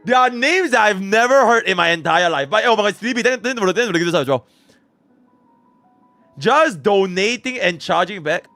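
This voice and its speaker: A young man from Singapore streaming live, chatting casually with his viewers and swinging between low mumbles and excited shouts. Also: fairly quick, dry recording, soft background music. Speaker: livestreamer.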